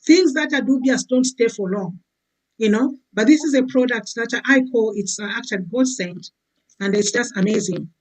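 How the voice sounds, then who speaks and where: Woman with a higher voice. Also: moderate pace, poor audio. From Zambia. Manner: warm, filler-heavy, keeps saying "you know". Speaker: guest giving a testimony. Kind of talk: testimonial chat.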